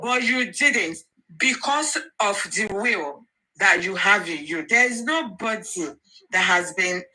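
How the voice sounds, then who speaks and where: A woman's voice: medium pitch, animated, takes it slowly, bright, forceful tone, poor audio. A Nigerian woman speaking earnestly and encouragingly in a casual live audio chat, often repeating herself and slipping into pidgin and Yoruba. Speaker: social media commentator.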